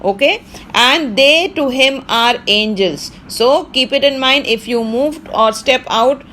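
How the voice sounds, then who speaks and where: A woman English literature teacher who reads out lines from a play and paraphrases them in plain words, with many fillers and pauses. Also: high-pitched, pushed and bright, slight background noise.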